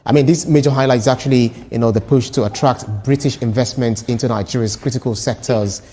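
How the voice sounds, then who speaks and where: A man delivering formal broadcast news commentary in a measured way. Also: medium pitch, steady tone, dark tone, in a large hall, a little hiss or hum. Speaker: news broadcaster in a played clip.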